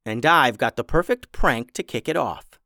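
A woman's voice: extremely low pitch, animated, normal speed, pushed and bright, no echo, clean studio sound, heavily acted. A man voicing a determined young woman chef who talks earnestly but gets fed up and bossy. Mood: plotting.

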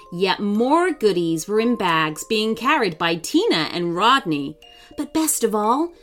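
A woman reads a children's story aloud, expressive and animated. Her voice sits at a middle pitch and moves in wide, lively swings. Soft music plays faintly behind her.

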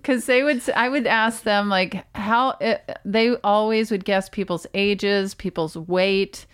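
A woman co-hosting a podcast, telling stories in a dry, deadpan casual chat. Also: mid-range voice, unhurried, smooth. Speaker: podcast co-host.

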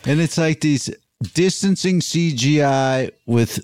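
Joking man with a higher voice. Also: slow, a little mellow, clear, resonant tone, no echo, studio quality. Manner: joking, playful, sings a goofy intro jingle. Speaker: podcast co-host. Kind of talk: casual comedic chat.

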